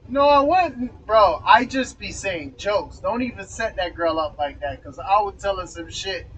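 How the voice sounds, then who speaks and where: A man with a high voice rants in exasperation, cursing freely and breaking into laughter. He sounds set back from the mic on a dull, lo-fi recording, with faint road noise behind him. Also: lively intonation, a little slow, a bit bright, recorded from a distance. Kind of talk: casual profane rant.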